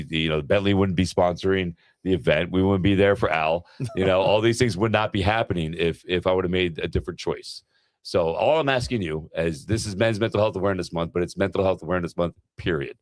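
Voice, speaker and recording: A man's voice: sits low, dry recording. A middle-aged man hosting a podcast in casual chat, laid-back and calling people "bro" and "man". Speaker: podcast host.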